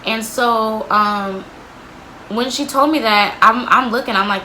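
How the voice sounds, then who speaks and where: A woman's voice: fairly high pitch, unhurried, sharp tone, a little hiss or hum, poor audio. A young woman vlogger telling a candid storytime about an old job, blunt and sweary, with lots of "like.". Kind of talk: storytime vlog.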